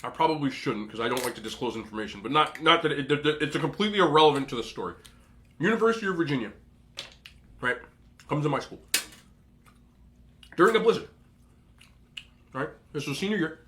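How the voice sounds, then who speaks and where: A man's voice: a little high, expressive, a little fast, long pauses, pushed and bright, slight background noise. A young man hosting an eating show, telling a rambling story casually with lots of asides and laughter. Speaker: mukbang host.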